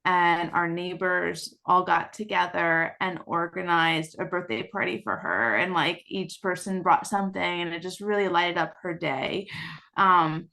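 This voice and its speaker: Female panelist, brisk and organized, low pitch, bright tone. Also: creaky. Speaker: parent panelist. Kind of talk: roundtable discussion.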